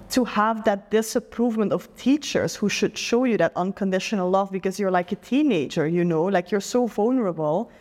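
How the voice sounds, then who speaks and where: A woman's voice: medium pitch, darkish tone, big-room sound. A young adult woman from the Netherlands with a Dutch accent, a guest in a casual interview chat who talks earnestly and reflectively, often saying "like".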